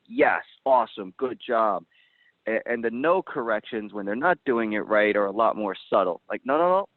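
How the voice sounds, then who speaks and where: A man hosting a casual roundtable chat, talking in an animated, blunt way and swearing now and then, heard over a tinny phone-like line. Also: medium pitch, no room sound.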